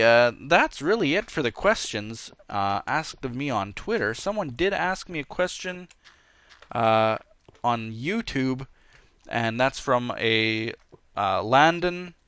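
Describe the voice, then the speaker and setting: A man's voice: medium pitch, fairly bright tone, clean tone, no room sound. A man hosting a let's play, chatting casually and rambling through viewer questions while he plays. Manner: rambling, easygoing, with many fillers. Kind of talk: casual gameplay commentary with viewer Q&A.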